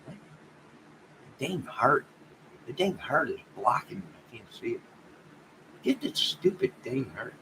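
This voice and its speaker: A man's voice: medium pitch, wildly swooping pitch, unhurried, pauses often, noisy background. A man hosting a casual livestream, rambling and joking as he thanks his chat viewers and signs off. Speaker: livestream host.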